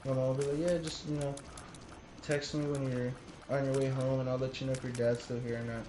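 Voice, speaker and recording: A young man in his early twenties tells loose, rambling stories in casual chat, swearing freely as he goes. The room is roomy and echoey, with a clear layer of steady noise behind him. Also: medium pitch, fairly quick. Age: 20s. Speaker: streamer.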